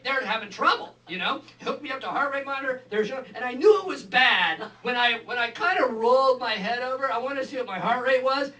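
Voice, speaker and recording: A man doing stand-up, telling a story with animated asides and acted-out quotes. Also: very high-pitched. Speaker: stand-up comedian. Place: live comedy venue. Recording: echoey room, far from mic, audience noise.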